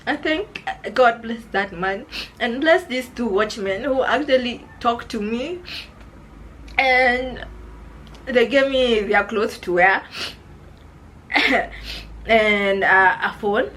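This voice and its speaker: A woman's voice: a little high, slow pace, long pauses, fairly bright tone, slight background noise, poor audio. A young Kenyan woman with a Kenyan accent telling a personal story in an emotional vlog, often calling her viewers "guys". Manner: emotional, addresses viewers as guys, repeats herself. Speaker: vlogger.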